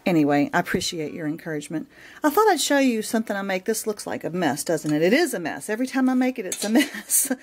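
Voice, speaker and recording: A woman's voice: medium pitch, big pitch swings, quick pace, faint music behind. A woman with a Southern accent chatting casually at home about crafts, often restarting and correcting herself. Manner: chatty, self-correcting, homey. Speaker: craft vlogger. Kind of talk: casual show-and-tell chat. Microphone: camera mic.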